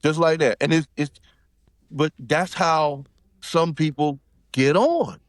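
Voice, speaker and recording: A man's voice: a little high, takes it slowly. A man from South Carolina, telling a story in casual chat and acting out quotes in shifting voices. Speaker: podcast guest.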